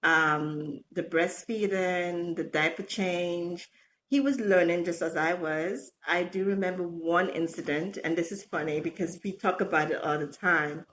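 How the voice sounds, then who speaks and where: Middle-aged woman guest, animated storyteller, laughs a lot, faint room hiss. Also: lowish voice, unhurried. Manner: animated, laughs often, acts out quotes. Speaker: podcast guest. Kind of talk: casual storytelling interview.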